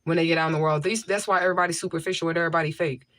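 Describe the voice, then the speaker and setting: A woman's voice: deep voice, steady tone, racing, fairly bright tone, no echo. A woman hosting a casual livestream, blunt and repetitive for emphasis, answering viewer comments into a mic with a homemade tissue filter. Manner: blunt, repeats herself for emphasis. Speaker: livestream host.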